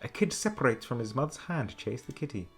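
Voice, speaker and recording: A man's voice: medium pitch, fast talker, husky. Brief: young male streamer, playful dramatic narrator, swooping intonation, background music. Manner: animated, laughs through slips. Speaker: streamer reading a game's story aloud.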